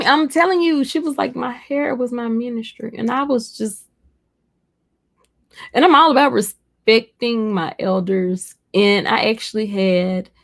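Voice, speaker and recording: A woman hosts a casual livestream at a middling pitch, chatty and animated. She reads viewer comments aloud and laughs often. When she quotes people, her voice leaps up high. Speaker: livestream host. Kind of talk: casual live-stream chat, reading viewer comments. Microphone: streaming setup.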